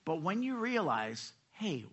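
A man preaching to his congregation in a loose, conversational way. His voice sits a little high and sounds bright and forceful. He keeps asking the room questions and briefly mimics other voices. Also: big pitch swings, unhurried, slightly rough, dull audio. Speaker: pastor. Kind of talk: sermon.

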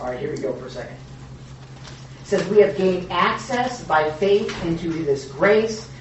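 A man co-hosting a casual Bible teaching, animated and joking, with emphatic rhetorical questions. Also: on the high side, noisy background. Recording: echoey room from a distance.

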